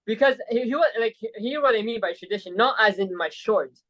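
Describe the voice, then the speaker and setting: A man's voice: sits high, a little fast, lo-fi sound. Rambling young man telling a story. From Saudi Arabia. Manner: rambling, peppered with "like" and "right?". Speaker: podcast guest. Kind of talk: casual storytelling chat.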